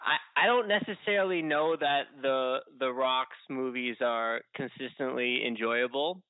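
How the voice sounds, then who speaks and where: A man's voice: mid-range voice, unhurried, no echo. A playful, opinionated man co-hosts a debate in casual chat. His mid-range voice comes through dry and thin, like a phone line. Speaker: podcast co-host.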